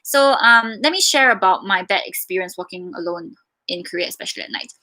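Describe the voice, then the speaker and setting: A young woman from Singapore hosts a casual viewer Q&A. Her voice is bright and clear, and she talks in a chatty, animated way, full of fillers. She sounds like she is talking straight to her viewers. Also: mid-range voice, moderate pace. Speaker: vlogger answering viewer questions. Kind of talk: casual live Q&A chat.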